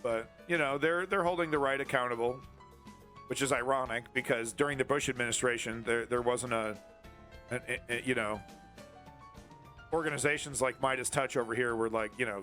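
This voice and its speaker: A man's voice: medium pitch, moderate pace, bright, forceful tone, faint music behind. A man hosting a live stream, rambling through casual commentary on clips and sarcastically taunting viewers in chat, with swearing. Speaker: livestream host.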